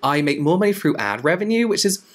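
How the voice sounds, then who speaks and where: A man's voice: on the high side, very animated, fast talker. A young man with a Southern English accent answering viewer questions in a casual, rambling vlog, full of asides and "like". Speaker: beauty YouTuber.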